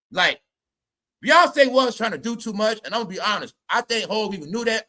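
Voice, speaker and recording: A man's voice: high voice, lively intonation, a little fast, bright, forceful tone. A man giving casual, comedic commentary as a vlogger, rambling, swearing, laughing and stammering as he talks.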